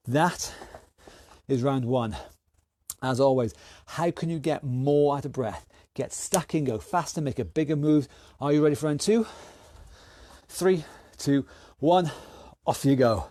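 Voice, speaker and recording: Slow-talking man coaching a workout. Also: a little high, mellow. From United Kingdom. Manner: encouraging, counts down and calls out moves. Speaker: fitness instructor. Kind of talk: online workout class coaching.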